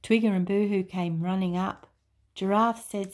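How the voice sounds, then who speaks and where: An Australian woman reading a children's story and a devotion in a calm, measured manner. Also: medium pitch. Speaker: church story reader.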